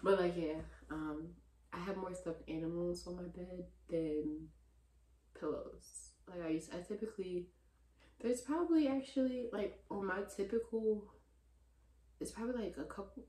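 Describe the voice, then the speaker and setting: A young woman chatting casually in a vlog Q&A, relaxed and slangy, in a room full of stuffed animals. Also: lowish voice, moderate pace. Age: young adult. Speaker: vlogger. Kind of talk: casual Q&A chat. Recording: roomy echo.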